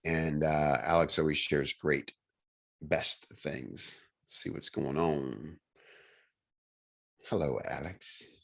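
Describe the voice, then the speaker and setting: Enthusiastic deep-voiced male host. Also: fairly even intonation, takes it slowly, vocal fry, long pauses. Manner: enthusiastic, rambling with fillers. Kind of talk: casual video-call chat. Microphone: video call.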